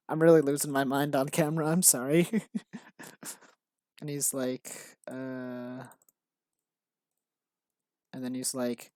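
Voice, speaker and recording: A man's voice: mid-range voice, level tone, takes it slowly, pauses often, a little mellow, no echo, clean studio sound. A man streaming while he builds his own game, rambling casually with many restarts and fillers. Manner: rambling, self-interrupting, frequent fillers and restarts. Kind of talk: casual live-stream commentary.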